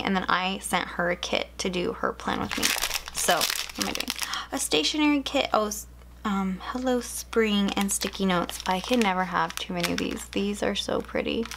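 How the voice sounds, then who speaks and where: A young woman unboxing craft goodies, gushing and excitable, drawn-out words at an unhurried pace. Her voice sits in a middle pitch, and a steady background noise runs behind her home recording. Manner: gushing, excitable, frequent gasps. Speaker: planner vlogger. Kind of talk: casual unboxing chat. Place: home room.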